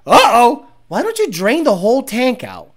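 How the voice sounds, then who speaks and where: A woman hosting a casual livestream as a car tuner, profane and animated, laughing often. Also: a little high, normal speed. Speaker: car tuner and stream host.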